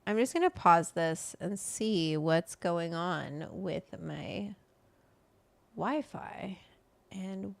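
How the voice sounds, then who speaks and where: A woman hosts a relaxed, chatty talk and reads quotes aloud in an easy way. Her voice has a gravelly, fried edge at a middle pitch. The sound is close and dry, with no room echo. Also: drawn-out words. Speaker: host. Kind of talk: casual chat.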